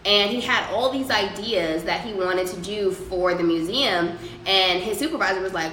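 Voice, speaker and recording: A woman's voice: mid-range voice, moderate pace, a bit bright. A young woman hosting a casual livestream, reading viewer comments and giving loose, profane advice. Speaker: livestream host. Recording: echoey room with faint ambient noise.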